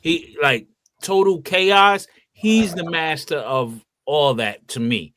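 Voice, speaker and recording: A man chatting casually as a panel guest, excitable and rambling, swearing now and then as he talks about a film he loves. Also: fairly high pitch, slow. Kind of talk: casual chat.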